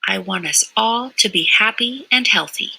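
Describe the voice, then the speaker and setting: A woman reading a children's picture book aloud in a gentle read-aloud manner. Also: mid-range voice, expressive, moderate pace, creaky, slightly rough, poor audio.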